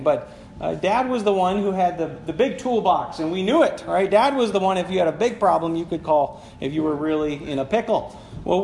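A man's voice: high voice, darkish tone. A man preaching a sermon as a conversational personal story, with many fillers and laughing at himself. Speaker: pastor. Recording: echoey room with faint background noise.

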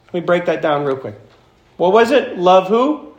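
A man's voice: high-pitched, sing-song. Earnest preaching man, echoey church. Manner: earnest, emphatic preaching with slowed, stressed phrases. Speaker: pastor. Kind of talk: sermon. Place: church sanctuary.

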